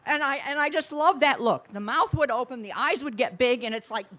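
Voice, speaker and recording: A woman's voice: high voice, brisk, fairly bright tone. A woman speaking at a memorial service, remembering a friend in a reflective, rambling way with fond laughs. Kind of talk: personal eulogy.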